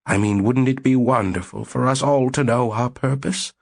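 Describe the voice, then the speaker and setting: A man's voice: medium pitch, normal speed, gravelly, dry recording, clean studio sound, pitched above the performer's own voice. A man voicing a frail, gushing elderly woman sociologist in an audiobook reading.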